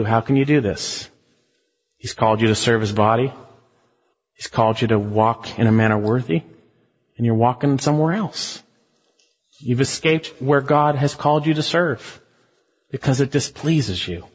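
Husky-voiced preacher in a reverberant hall. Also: male voice, mid-range voice, normal speed. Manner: emphatic preaching with rhetorical questions, swinging from loud to hushed. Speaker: pastor. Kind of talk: expository sermon. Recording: muffled, reverberant sanctuary recording.

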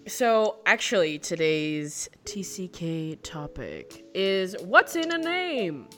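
A woman's voice: on the low side, very animated, takes it slowly, a bit bright, faint music behind. A young woman co-hosting a casual podcast, telling stories in a chatty way with frequent laughs. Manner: chatty storyteller, laughs often. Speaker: podcast co-host. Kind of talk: casual chat.

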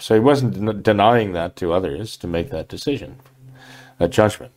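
A man's voice: lowish voice, lively intonation, moderate pace, a little mellow. An older man, a priest, answering listener questions on a talk program in a hesitant way, with many fillers and restarts.

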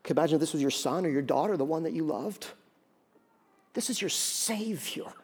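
A middle-aged man preaching a sermon as pastor, dramatic and often dropping to a hushed tone. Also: on the high side, rapid-fire, slightly rough. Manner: dramatic, acts out quoted voices, drops to hushed tones.

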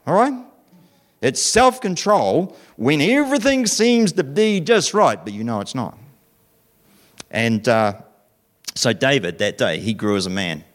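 A man's voice: medium pitch, unhurried. A man telling a Bible story to children, playful and full of questions to his listeners. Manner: animated, playful, asks questions. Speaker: children's talk presenter.

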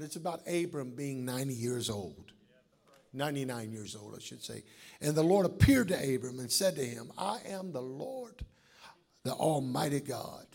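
A man preaching a sermon as pastor, calling on the congregation to answer back and swinging between shouts and hushed asides. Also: medium pitch, creaky. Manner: preaching with call-and-response to the congregation.

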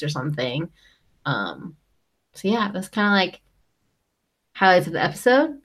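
Young woman rambling thru a show recap, kinda low voice, says like a lot. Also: expressive, normal speed, a bit bright. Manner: chatty, lots of fillers like "um" and "like". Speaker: co-host recapping a reality show. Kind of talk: casual chat.

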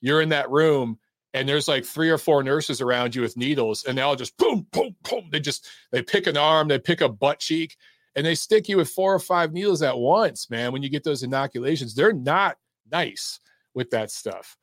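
A man's voice: on the high side, animated, moderate pace, a bit bright, no echo, clean studio sound. A man hosting a live call-in show about boxing, talking casually and bluntly with plenty of swearing as he reads the chat and takes calls. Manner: blunt, profane and laid-back.

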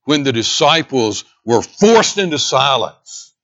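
Brief: male pastor, emphatic sermon delivery, dramatic pauses, middle pitch, slightly muffled church recording. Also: big pitch swings. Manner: emphatic, dramatic pauses, swings between loud and hushed. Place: church sanctuary.

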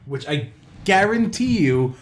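A man's voice: high voice, sing-song, measured pace. A man co-hosting a podcast, joking and laughing often as he acts out little quotes. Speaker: podcast co-host. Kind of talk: casual chat.

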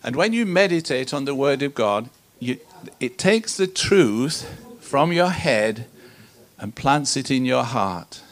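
A man's voice: medium pitch, lively intonation, slow. A man preaching a sermon to a congregation, teaching in an earnest, conversational way with rhetorical questions.

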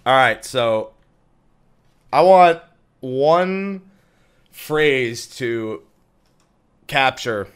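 A man hosts a casual talk show in an upbeat, easygoing way. His pitch rises and falls a lot as he prompts his guests and laughs along. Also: animated, extremely slow, long pauses, smooth. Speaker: podcast host. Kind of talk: casual chat.

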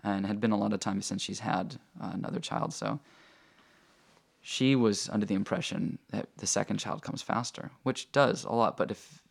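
A man with a low, gravelly voice tells a personal story in a loose, casual way. He keeps it lively with lots of fillers and acts out the people he quotes. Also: normal speed. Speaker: guest telling a personal story.

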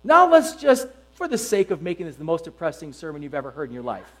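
A middle-aged man preaching a sermon to his congregation, emphatic and animated, full of rhetorical questions. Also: a little high, fast, rough recording. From United States. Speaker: pastor.

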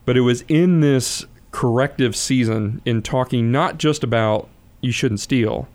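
A man who is a guest on a faith talk show, telling a story about his son in a steady, articulate, measured way. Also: medium pitch.

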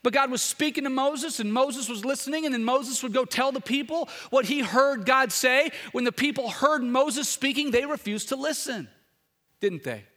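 A man preaching as a pastor, swinging from loud rhetorical questions to hushed, intimate tones. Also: very high voice, normal speed, in a large hall. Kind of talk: sermon. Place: church sanctuary.

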